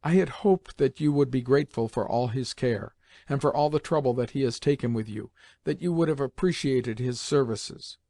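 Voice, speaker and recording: A man's voice: mid-range voice, moderate pace, gravelly, mellow, dry recording, clean studio sound, lightly acted. A man reading an audiobook, voicing a stern, reproachful elderly grandmother who stresses each word. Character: stern, tearful aristocratic grandmother, elderly woman. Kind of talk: audiobook character voice.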